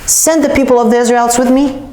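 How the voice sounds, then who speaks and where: A woman's voice: sits high, fairly even intonation, quick pace, mellow, voice pushed up, lightly acted. A woman storyteller speaking as a steadfast male prophet who talks firmly and plainly, in a roomy-sounding recording. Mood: pleading. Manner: firm, plain-spoken pleading. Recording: roomy echo.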